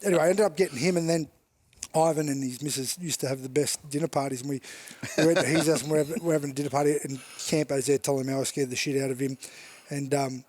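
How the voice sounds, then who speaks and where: A man's voice: a little high, fairly even intonation, fast talker, a little mellow, no room sound. A middle-aged Australian man, a guest on a chat show, telling stories and laughing often as he swears his way through them. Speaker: podcast guest, former rugby league player. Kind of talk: casual chat, storytelling.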